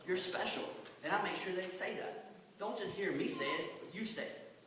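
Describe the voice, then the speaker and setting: A man's voice: sits high, normal speed, fairly bright tone, slight background noise. A man who teaches a children's church class, giving an earnest testimony with lots of repetition for emphasis. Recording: echoey hall from far off.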